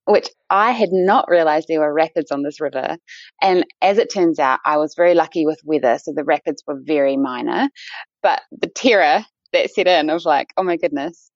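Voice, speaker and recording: Low-voiced New Zealand woman, gravelly. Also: moderate pace, no room sound. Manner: chatty, many fillers and restarts. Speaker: guest, endurance runner. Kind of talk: casual interview. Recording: dull lo-fi dry sound.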